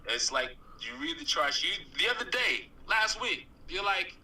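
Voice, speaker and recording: A man's voice: high-pitched, sing-song, normal speed, hardly any pauses, pushed and bright. A man co-hosting a casual trading chat, eager and rambling, full of "you know". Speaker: co-host. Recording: roomy echo, far from mic, faint noise.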